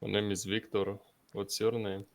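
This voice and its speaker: A man doing a curt, gravelly Russian newcomer. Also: lowish voice, little pitch movement, moderate pace, close to an everyday voice. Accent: put-on Russian. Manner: curt, guarded. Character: secretive male newcomer from the Russian Empire. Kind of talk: voice chat role-play.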